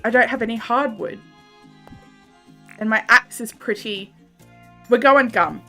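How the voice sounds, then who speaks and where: A woman's voice: on the high side, a little slow, sharp tone, faint music behind. An Australian woman streaming a game, chatting casually with viewers, laughing often and swearing a little. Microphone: desk microphone.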